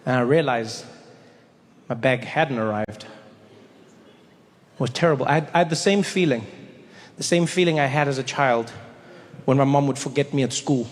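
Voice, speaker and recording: A man performing a stand-up comedy set, telling stories in an animated way with sudden exaggerated voices. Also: on the high side, moderate pace, long pauses. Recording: long hall reverb, faint noise.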